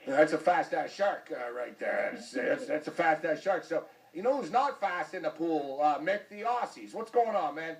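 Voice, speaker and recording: A man's voice: on the high side, lively intonation, normal speed, few pauses, recorded from a distance, rough recording. A man hosting a sports talk show, joking and teasing his guest, often repeating himself. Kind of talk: casual sports chat.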